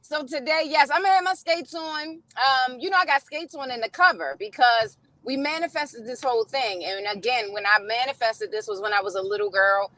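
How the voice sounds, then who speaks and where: A woman's voice: sits high, brisk, few pauses, sharp tone, no room sound. Upbeat Baltimore woman calling in from her car. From Baltimore, Maryland. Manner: upbeat, laughing, many "um"s. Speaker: singer calling in. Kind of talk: casual call-in chat. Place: in a car, driving.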